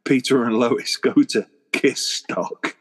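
Laughing through a funny story, a man co-hosting a podcast chats casually in a slow, medium-pitched voice with a breathy edge.

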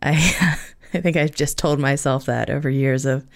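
A woman hosting a podcast in casual solo chat, hoarse from being sick, chatty and self-mocking with casual swearing. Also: low voice, steady tone, normal speed. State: hoarse from illness. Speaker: podcast host.

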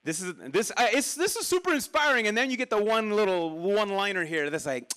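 A pastor preaching a conversational, animated sermon, with sudden drops into quiet asides to the congregation. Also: male voice, sits high, a little fast, clean tone.

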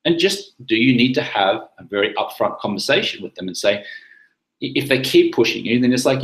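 Animated man coaching in an echoey room. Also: mid-range voice, a little fast. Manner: animated, acts out sample lines in different tones. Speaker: sobriety coach. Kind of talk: casual coaching talk.

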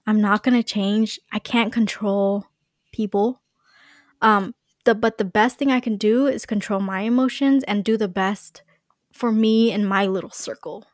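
A woman's voice: medium pitch, fairly even intonation, measured pace, no echo, studio quality. A young woman chatting casually on a podcast, with a lot of "like" and "you know". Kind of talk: casual chat.

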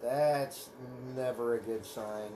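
A man's voice: medium pitch, slow, noisy background. Dry-witted man in an echoey room. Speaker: podcast co-host reacting to a film. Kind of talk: casual reaction chat.

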